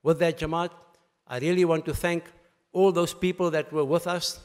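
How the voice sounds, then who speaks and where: A man delivers a Friday sermon, his voice pitched a little high for a man. He is emphatic and repeats key phrases for weight. The sound carries a long reverb from a mosque hall. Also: fairly even intonation, normal speed, a little mellow, clean tone. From South Africa. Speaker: mosque speaker.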